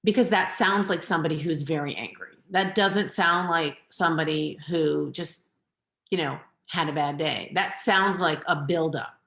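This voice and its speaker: A middle-aged woman parenting coach giving an earnest advice talk in a webinar, at times quick and at times slow and deliberate. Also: low-pitched, gravelly, a bit bright. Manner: earnest, advising, shifting between quick and slow deliberate delivery. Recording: echoey room.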